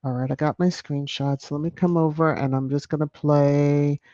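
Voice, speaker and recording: A woman's voice: deep voice, steady tone, normal speed, mellow, no echo. A woman hosting a live stream in casual chat, thanking viewers by name. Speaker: YouTube live stream host. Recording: dull lo-fi dry sound.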